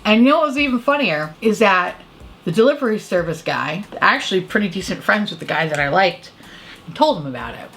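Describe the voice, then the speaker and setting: A woman vlogger chatting while doing her makeup at home, telling an embarrassing story in an animated, self-mocking way. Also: mid-range voice, a little fast. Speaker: beauty vlogger. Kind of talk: chatty get-ready-with-me storytelling.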